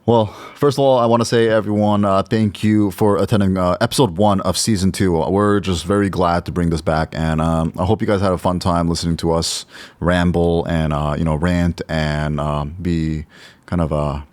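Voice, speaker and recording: A man with a very low voice hosts a relaxed podcast. He runs through the announcements loosely, with many ums and uhs. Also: moderate pace, no echo. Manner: loose, filler-heavy announcements. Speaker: podcast host. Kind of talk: casual chat.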